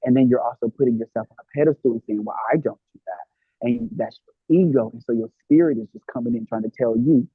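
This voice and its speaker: A man from Los Angeles chats as a guest, acting out quoted thoughts with animation. His voice is husky. The sound is dry and tinny, like a phone line. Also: medium pitch, quick pace, no room sound. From Los Angeles, United States. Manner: animated, acts out quoted inner dialogue. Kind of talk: casual conversation about self-love.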